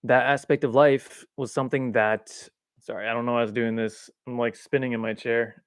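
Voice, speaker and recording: A man hosting a livestream from a chair at home, rambling through spiritual ideas with lots of fillers and self-mocking laughs. His voice sits in an ordinary middle range. The recording is close and dry on a boom mic. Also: flat delivery, moderate pace, clear, resonant tone, no echo. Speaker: livestream host. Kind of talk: casual spiritual chat. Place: home room, seated in a swivel chair. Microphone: boom-arm mic.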